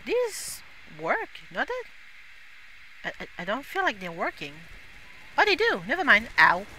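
Excitable gamer with bright, lively voice. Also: female voice, sits high, a little slow, a little hiss or hum. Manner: excitable, laughs often, frequent exclamations. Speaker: gaming YouTuber. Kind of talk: casual gameplay commentary.

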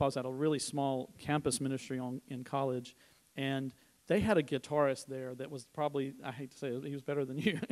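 A middle-aged man giving a conversational sermon at church, telling personal stories with informal restarts and asides. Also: medium pitch. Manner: informal storytelling, frequent restarts. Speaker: church speaker.

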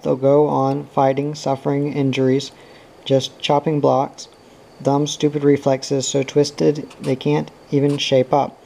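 Gravelly, dark-toned man reading a novel. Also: medium pitch, low-quality recording. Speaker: audiobook reader.

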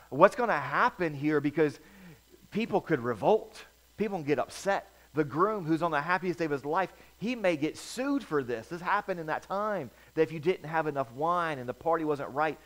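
A male pastor preaching a sermon in a storytelling manner, swinging between loud bursts and quiet asides. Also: a little high, animated, normal speed, rough recording.

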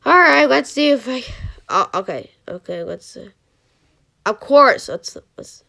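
A channel host giving rambling commentary on a mobile game, who yelps and groans at misses. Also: female voice, sits high, expressive, measured pace, gravelly, pushed and bright. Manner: rambling, restarts sentences.

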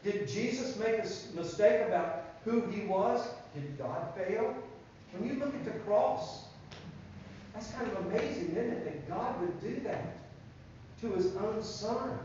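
A man's voice: high-pitched, a little slow, a little mellow, slight background noise. A man telling a Bible story to children at church, asking the listeners questions and answering them himself. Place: church room. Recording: very echoey, distant, dull room recording.

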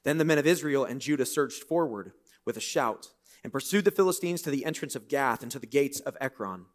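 Guy preaching in church, reads the bible bits then gets all animated and jokey, medium pitch voice. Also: a little fast. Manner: animated, conversational, joking asides. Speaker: pastor. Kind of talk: sermon with scripture reading.

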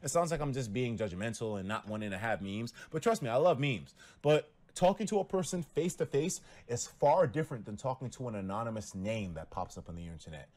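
A young man talking casually to his viewers on a livestream, telling stories and acting out quotes with loud jumps in pitch and lots of cursing. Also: brisk, few pauses. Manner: animated storytelling, acts out quotes with big pitch jumps and cursing. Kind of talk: casual stream talk to viewers.

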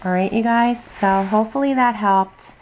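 A woman's voice: fairly high pitch, normal speed, darkish tone, slight background noise. A tired, chatty middle-aged woman rambling through a casual drawing tutorial at her home desk, full of ums and asides. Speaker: craft video host. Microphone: camera on tripod at desk.

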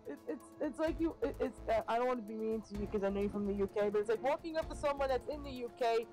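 A woman from New York chatting quickly and confidently on a casual gaming stream. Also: on the high side, dark tone, soft background music, poor audio.

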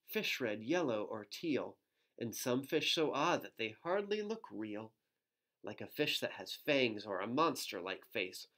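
A man, a pastor, reads a rhyming picture book aloud to children at home, adding gentle, playful asides and making animal sounds. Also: medium pitch.

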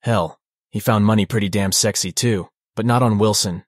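A man's voice: fairly low pitch, normal speed, dry recording. A man narrating an audiobook in a dry, wry manner. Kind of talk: scripted narration.

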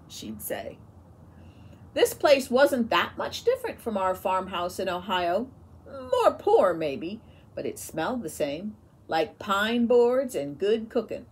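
A woman reading a picture book aloud with expressive, unhurried storytelling. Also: a little high, husky. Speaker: storybook reader.

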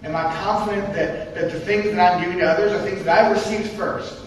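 Man, sermon, emphatic, rhetorical questions, fairly high voice, faint background noise. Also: fairly even intonation, a little fast. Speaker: preacher. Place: church sanctuary. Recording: distant mic in an echoey church hall.

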